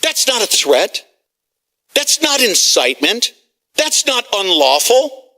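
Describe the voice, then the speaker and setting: A man hosting a talk radio show, ranting agitatedly, shouting and swearing at callers and officials. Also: very high-pitched, big pitch swings, slow pace. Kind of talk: heated talk radio rant.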